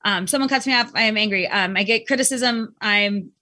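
A woman's voice: medium pitch, brisk, bright, forceful tone. A woman in casual conversation, talking reflectively about mindset and acting out her own inner thoughts. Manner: reflective, uses acted inner voices.

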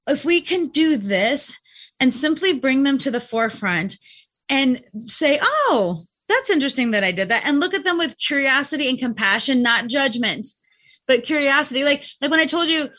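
A woman's voice: high voice, sing-song, normal speed, sharp tone. A woman in casual conversation, talking reflectively about mindset and acting out her own inner thoughts. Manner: reflective, uses acted inner voices.

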